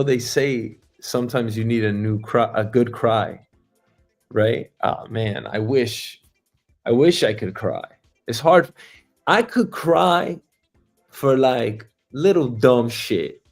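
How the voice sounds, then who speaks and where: A man hosting his own livestream, ranting casually with lots of swearing and mocking laughs. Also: mid-range voice. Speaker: livestream host.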